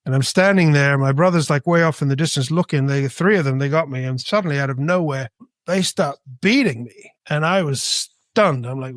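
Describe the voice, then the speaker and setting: A middle-aged man tells a story as a podcast guest, in a slightly high voice. He is animated and loose, and he leaps up in pitch whenever he quotes people. His voice sounds dry and close to the mic. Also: dry recording. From Britain, raised in Spain. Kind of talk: casual storytelling.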